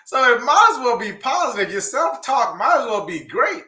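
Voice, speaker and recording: A man's voice: very high voice, sing-song, normal speed, pushed and bright. A man co-hosting a casual chat, talking earnestly in a folksy way and often repeating his words. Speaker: co-host. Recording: echoey room.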